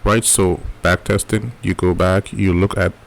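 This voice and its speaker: Gravelly low-voiced man teaching trading. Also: fairly even intonation, measured pace, slight background noise. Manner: repeats "right?" as a check-in, casual and coaching. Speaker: trading educator. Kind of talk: live-streamed trading lesson.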